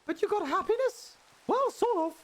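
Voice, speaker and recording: A male streamer chats with his viewers in a strikingly high, put-on head voice. He rambles from thought to thought in a loose, casual way and laughs often. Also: lively intonation, normal speed. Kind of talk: casual live-stream chat while gaming.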